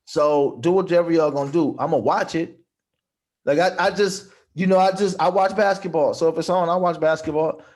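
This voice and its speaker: A man's voice: on the high side, steady tone, normal speed, a little mellow. A man and comedian in casual podcast chat who drifts into a mock-preacher delivery and halts with fillers when talking plainly.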